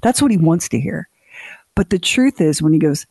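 A woman co-hosting a radio show, telling stories in a lively, teasing way with mock voices. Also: deep voice, moderate pace, slightly rough, no echo. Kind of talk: casual radio chat.

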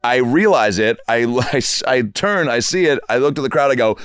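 A man in his thirties telling comic stories as a podcast guest, animated and acting out the people in them. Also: mid-range voice, moderate pace, clear, resonant tone, dry recording. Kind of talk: comic storytelling. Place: podcast studio.

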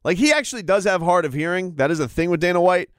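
A man's voice: high voice, expressive, fast talker, fairly bright tone, clear, resonant tone, no room sound, studio quality. A man casually discussing combat sports in a rambling way, with frequent restarts. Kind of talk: casual chat.

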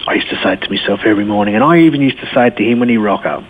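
A man's voice: medium pitch, lively intonation, racing. A man, giving a blunt, earthy personal testimony in casual conversation. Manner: blunt, earthy storytelling with slang. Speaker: interview guest. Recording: phone line with faint noise.

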